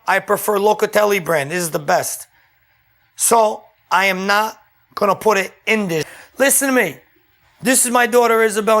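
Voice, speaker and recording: A man's voice: very high voice, fairly bright tone. A man hosting a home cooking show, demonstrating a dish in a casual, chatty way and often checking in with "okay?". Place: home kitchen.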